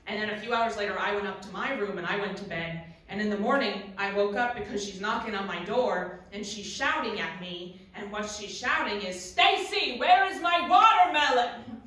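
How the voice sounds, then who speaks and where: A young adult woman from Maryland performing a stand-up comedy set, telling a story with big shouted punchlines. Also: mid-range voice, a little fast, few pauses. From Maryland, USA. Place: comedy club stage. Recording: echoey club from a distant mic.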